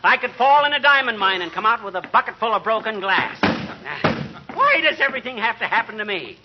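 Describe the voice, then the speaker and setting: An actor playing a hot-tempered, bumbling husband who sputters mild oaths, in 1940s radio comedy acting. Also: male voice, sits high, lively intonation, fairly quick. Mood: exasperated. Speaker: comedy lead. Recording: lo-fi old radio recording with hiss.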